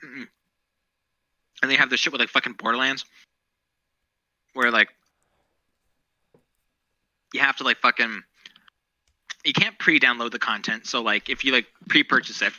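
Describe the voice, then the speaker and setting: A man's voice: medium pitch, fairly even intonation, normal speed, pauses often, sharp tone, dry recording, lo-fi sound. A man co-hosting a podcast, chatting casually about current events in a rambling, profane, opinionated way. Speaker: podcast co-host.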